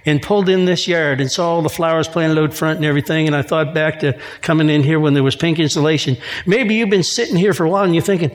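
A man's voice: on the high side, fairly even intonation, fast talker, hardly any pauses, long reverb tail. A man preaching a sermon in a church, reading scripture and mixing in casual asides and jokes. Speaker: pastor.

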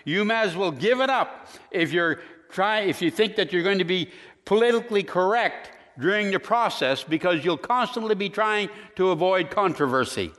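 A man's voice: high-pitched, fairly bright tone, long reverb tail. A man, a pastor, preaching a sermon in a folksy way and telling jokes as he goes.

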